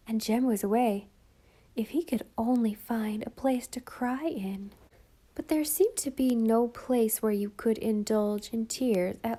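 Woman narrator doing an audiobook, mellow voice, calm steady reading. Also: a little high. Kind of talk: scripted storybook narration.

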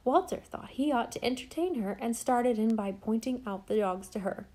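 A fussy, devoted housekeeper, put on by a woman reading aloud, earnest and old-fashioned, swinging from hushed asides to big dramatic exclaims. The voice sits soft and mellow, warm rather than bright. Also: fairly high pitch, lively intonation, normal speed.

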